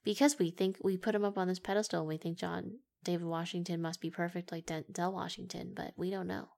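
Teasing woman with a gravelly low voice. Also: fairly even intonation, brisk, a little mellow. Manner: joking, teasing, laughs often. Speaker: podcast co-host. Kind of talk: casual movie review chat.

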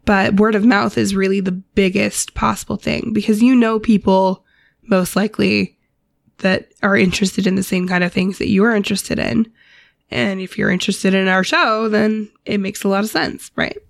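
Hoarse, nasal woman podcast co-host. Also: mid-range voice, steady tone, normal speed, no echo, studio quality. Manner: chatty, rambling, breaks into laughs. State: congested, ragged nasal voice. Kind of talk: casual podcast sign-off chat.

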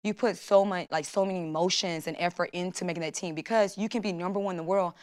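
A woman's voice: fairly low pitch, steady tone, fast, darkish tone. A young woman, an Olympic long jumper, talking as a guest in a casual interview and acting out her own thoughts as she tells her story.

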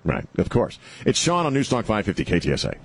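In a radio studio, a man hosts an opinionated talk show into a studio mic, rambling and sarcastic, breaking off and restarting with many fillers. His voice is lowish and creaky, talks fast, and swoops wildly in pitch.

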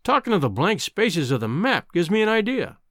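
A man reading a balding old Scottish editor, kindly and a touch fussy. He talks in a measured way and gets easily alarmed. The voice swings up and down a lot, set close and dry, as in a storybook recording. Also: high-pitched, sing-song, fairly bright tone, no room sound, pitched above the performer's own voice, full character voice.

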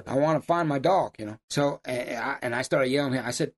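A middle-aged hunting guide talks fast in casual conversation, spinning animated yarns. Whenever he quotes someone, he breaks into loud, high bursts.

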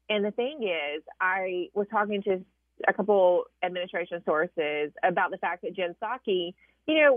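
Southern lady calling in, tinny phone sound, explains slowly with lots of ums. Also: medium pitch, no room sound. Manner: measured, explanatory, with hesitations. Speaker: political correspondent guest. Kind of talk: phone-in interview. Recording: tinny dry phone line.

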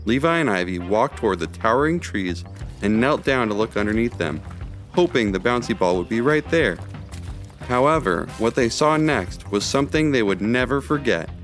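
A man's voice: mid-range voice, expressive, normal speed, soft background music. A man co-narrating a children's story, with light teasing banter with his co-host.

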